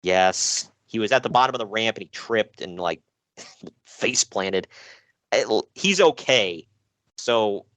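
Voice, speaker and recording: This podcast host is a man with a medium-pitched, slightly bright voice, captured in a dry recording. He jokes his way through wrestling news in casual chat, laughing often and poking fun at himself.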